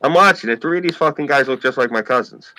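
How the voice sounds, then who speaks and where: A man with a New York accent rambles through casual podcast chat, emphatic and freely profane, saying "like" constantly. His mid-range voice is fast, bright and forceful, on a rough recording with no room sound.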